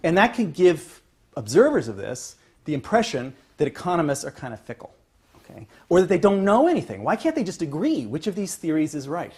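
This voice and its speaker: A male economics professor giving a university lecture, checking in with "okay?" and restarting phrases, pushing some points louder and letting others trail off. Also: on the high side, huge pitch swings, brisk, breathy edge. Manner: emphatic, builds to louder points then trails off. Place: lecture classroom.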